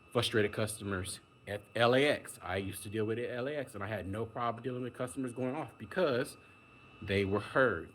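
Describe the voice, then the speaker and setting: A man's voice: fairly low pitch, a bit bright, a little hiss or hum. A man delivering a casual, emphatic monologue rant, exasperated and acting out the people he quotes. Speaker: vlogger.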